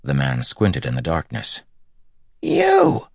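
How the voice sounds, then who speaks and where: A man narrating a story in an audiobook, with steady, measured storytelling. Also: very deep voice, vocal fry, dry recording, clean studio sound. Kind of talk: scripted narration.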